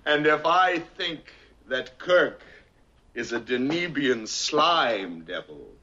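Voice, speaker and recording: A man's voice: mid-range voice, big pitch swings, slow, sharp tone, exaggerated voice. An actor playing a swaggering male alien warrior who taunts and mimics a Scottish accent, from a played TV clip. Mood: mocking. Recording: dull lo-fi TV audio.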